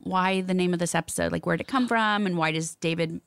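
A woman's voice: lowish voice, a little fast, creaky, smooth, dry recording. A woman co-hosting a casual podcast chat, telling stories with lots of fillers. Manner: chatty, storytelling with many fillers. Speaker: podcast co-host.

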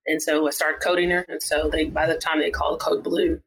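Surgeon guest, casual storyteller, mid-pitched, lively retelling with voiced quotes. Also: a little fast, vocal fry, breathy edge, rough recording. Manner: animated, acts out quoted dialogue in the telling. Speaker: surgeon and author, podcast guest.

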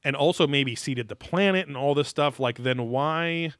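A man's voice: a little high, normal speed, a bit bright, clean tone, no room sound, clean studio sound. A man hosting a podcast, talking in a loose, rambling way, full of fillers and crude jokes. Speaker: podcast host. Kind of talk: casual commentary chat.

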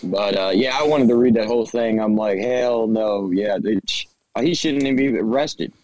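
A man's voice: fairly low pitch, moderate pace, a little mellow, slight background noise, rough recording. Blunt, stammering man on a podcast. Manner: blunt, profane, heated opinions with stammered restarts. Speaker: podcast co-host. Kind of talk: casual podcast chat.

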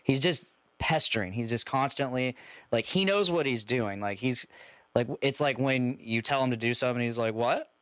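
A man's voice: medium pitch, moderate pace, a bit bright, no echo. A man, a father, chatting casually in an easygoing, rambling way. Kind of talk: casual chat.

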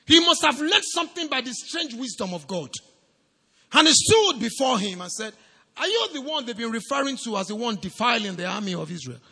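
A man preaching a sermon as pastor, swinging from shouts to low, quiet lines. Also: fairly quick, husky, long reverb tail. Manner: animated preaching, rising to shouts and dropping low.

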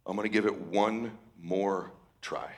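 A man quoting his tearful middle-aged father in a soft, halting voice near tears. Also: low voice, fairly even intonation, pitched below the performer's own voice.

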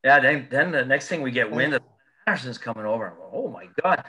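Animated storytelling man, bright voice. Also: medium pitch, quick pace. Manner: animated, swearing, laughing through anecdotes. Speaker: former hockey player guest. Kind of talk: casual storytelling chat.

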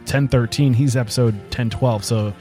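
A man's voice: medium pitch, fairly even intonation, moderate pace, warm tone, faint music behind. Casual man hosting a podcast. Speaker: podcast host. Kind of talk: casual interview.

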